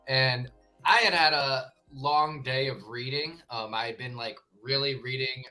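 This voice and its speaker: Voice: medium pitch, steady tone, a little slow, pushed and bright, soft background music. A speaker casually telling an anecdote and laughing along the way. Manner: storytelling, laughs while talking. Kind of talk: casual chat.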